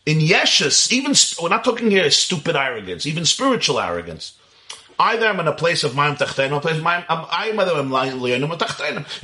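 A man teaches Kabbalah in a religious lecture, his voice somewhat high and bright. He talks with animated intensity, posing questions and answering them himself. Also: quick pace.

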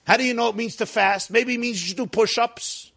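High-voiced man lecturing a class. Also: a little fast, vocal fry, pushed and bright, slightly rough. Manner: asks the class questions and answers them himself, jokes with them. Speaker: rabbi teaching a class.

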